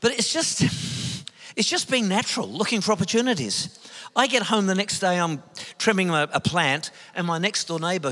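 Australian man preaching in a hall. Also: fairly high pitch. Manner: animated anecdotes, acts out dialogue. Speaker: Christian speaker. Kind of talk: sermon storytelling. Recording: long hall reverb.

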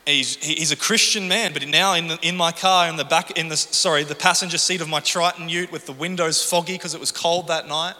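A man's voice: fairly high pitch, steady tone, a little fast, hardly any pauses, sharp tone. Man, preacher, sermon, emphatic storytelling, long church-hall reverb. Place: church stage.

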